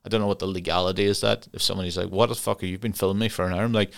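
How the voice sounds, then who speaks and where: A man's voice: low-pitched, fairly even intonation, very fast, creaky, few pauses, fairly bright tone, smooth. A young Irish man hosting a podcast alone, rambling and swearing casually, often laughing at his own tangents. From Ireland. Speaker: podcast host. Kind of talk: casual solo podcast chat.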